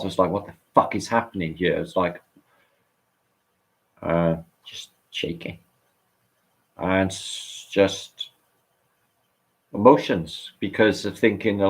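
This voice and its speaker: A man with a very deep voice and a British accent rambles through a casual livestream chat. He swears freely and keeps restarting his sentences. He sounds excitable throughout. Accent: British English. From England. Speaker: online show co-host.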